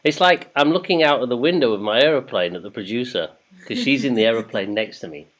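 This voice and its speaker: Chatty quiz host, lively pitch. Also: male voice, fast talker. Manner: chatty, jokey, reads questions in English then German. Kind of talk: casual livestream quiz hosting. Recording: dull lo-fi sound.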